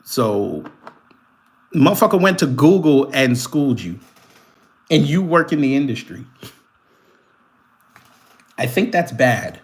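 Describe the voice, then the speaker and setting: A man hosting a live commentary stream, reading a news article aloud and firing back at viewers in chat. He talks in an animated, profane way and laughs often. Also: mid-range voice, slow, pauses often. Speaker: commentary channel host.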